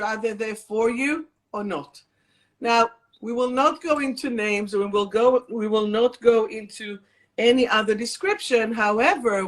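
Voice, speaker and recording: A woman's voice: fairly high pitch, fairly bright tone. Woman hosting a spiritual live chat. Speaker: host and energy healer. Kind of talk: casual live-stream chat.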